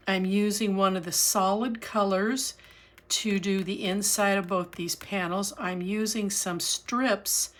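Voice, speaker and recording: A middle-aged woman narrating a casual crafting tutorial, chatty and unhurried, pausing with fillers as she works. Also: medium pitch, a bit bright. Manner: chatty, with frequent fillers and restarts while working. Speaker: crafting channel host.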